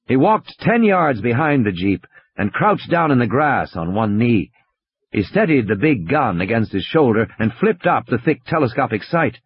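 A man narrating an audiobook thriller with expressive, dramatic storytelling. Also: medium pitch, moderate pace, slightly rough, no echo. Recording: dry, slightly dull audiobook recording.

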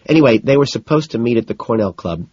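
A man's voice: medium pitch, lively intonation, a little mellow, slightly rough, no echo, lo-fi sound, voice pushed up. A man reading an audiobook voices a chatty, exasperated wealthy young woman who scolds and gossips. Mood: gossiping. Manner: gossipy, scolding, quick to dismiss.

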